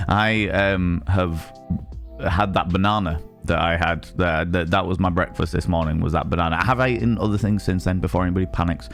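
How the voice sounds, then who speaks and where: A man chatting casually with his viewers on a live stream, greeting them by name and rambling playfully between topics. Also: sits low.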